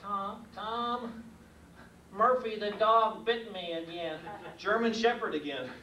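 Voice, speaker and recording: A man's voice: high voice, takes it slowly, pushed and bright, heavily acted. An older man quoting a frightened woman who pleads for help after being bitten by a dog. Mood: pleading. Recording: echoey room heard from a distance with faint noise.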